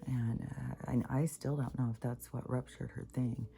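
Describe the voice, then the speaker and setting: Woman rambling on her spiritual vlog, super deep gravelly voice, lots of ums and whispery bits. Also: flat delivery, moderate pace, dark tone. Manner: rambling, many fillers, drops into whispery asides. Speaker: vlogger. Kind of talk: casual spiritual vlog monologue.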